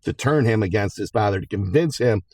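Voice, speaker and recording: Stern woman judge, firm and scolding, as a man puts her on; low voice, dry sound. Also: lively intonation, fairly quick, a little mellow, no room sound.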